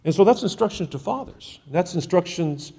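A man's voice: high-pitched, animated, normal speed, vocal fry, mellow, husky, big-room sound. A man preaching a sermon to fathers, driving his points home through emphatic repetition.

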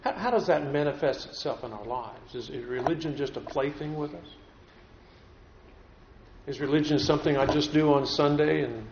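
Casting: earnest preacher, man, slightly high voice, roomy church sound on a dull lo-fi recording. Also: a little hiss or hum. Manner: earnest, repeats words as he builds points. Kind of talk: sermon. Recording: echoey room, dull lo-fi sound.

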